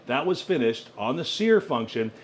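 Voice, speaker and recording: A man's voice: medium pitch, big pitch swings, normal speed, a little hiss or hum. A man presenting a countertop cooker in a product demo, exclaiming with enthusiasm over the food. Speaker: product demonstrator.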